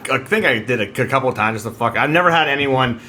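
Male podcast co-host, rapid and profane, animated storyteller, faint ambience in the background. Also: medium pitch, slight background noise. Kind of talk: casual chat.

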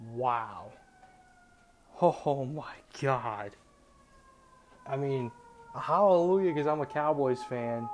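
Stammering, excited young man talking football. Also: medium pitch, slight background noise. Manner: stammering, excited, keeps restarting. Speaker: sports podcast host. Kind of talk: excited solo sports talk.

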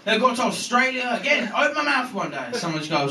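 A male stand-up comedian with a high, bright and sharp voice that leaps all over its range as he tells stories on stage and swears freely. He slips into different voices for the characters he describes. The sound is roomy and a little distant, with a faint ambient hum behind him. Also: fast, hardly any pauses. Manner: animated, swearing, acting out characters. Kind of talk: live stand-up routine. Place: comedy venue with a live audience.

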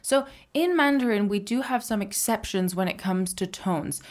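On a podcast lesson, a woman with a mid-range voice teaches a language at a normal speed, patiently explaining and frequently asking "right?".

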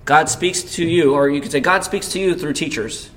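This pastor's voice runs on the high side at a normal pace. In his sermon he tells a personal story conversationally, asks the congregation questions, and acts out quoted panic loudly.

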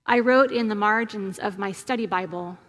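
A woman pastor giving a gentle, conversational sermon and leading a prayer. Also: mid-range voice, long reverb tail. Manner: slow, gentle, conversational preaching.

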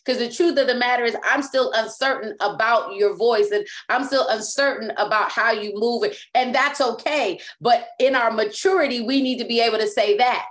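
A woman's voice: fairly high pitch, moderate pace, few pauses, fairly bright tone. A woman preaching a sermon as apostle and teacher, speaking emphatically and often repeating and restarting words.

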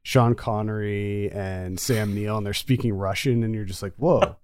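A man co-hosting a casual movie review chat, talkative and quick to laugh. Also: lowish voice, steady tone, darkish tone, smooth. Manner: chatty, laughs easily. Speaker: podcast co-host.

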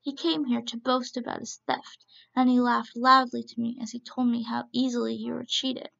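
A woman's voice: on the high side, flat delivery, normal speed, creaky, a bit bright. A woman reading a story aloud, giving a sly, courteous male rabbit a smug, polite manner in a dull, lo-fi recording. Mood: confiding.

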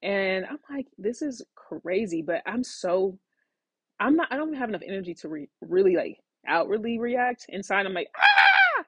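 A woman in her thirties, a podcast host, telling a personal story in a rambling, animated way with lots of fillers and restarts. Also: medium pitch, moderate pace, husky, dry recording. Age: 30s. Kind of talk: casual storytelling monologue.

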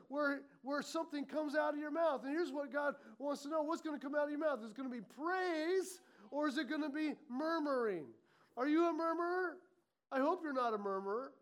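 Brief: male pastor, very high voice, lively sermon delivery, mimics grumbling. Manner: animated preaching, acts out muttering complaints.

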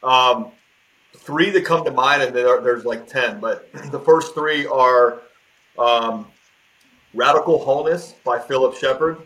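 A man's voice: medium pitch, measured pace, sharp tone, low-quality recording. An American man, a coach, talking casually and emphatically on a podcast as a guest. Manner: emphatic, motivational.

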